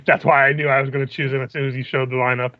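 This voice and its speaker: A man's voice: medium pitch, flat delivery, racing, lo-fi sound, a little hiss or hum. A man playing in an online tabletop game, chatting in a blunt, goofy way. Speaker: player. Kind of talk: casual chat between players.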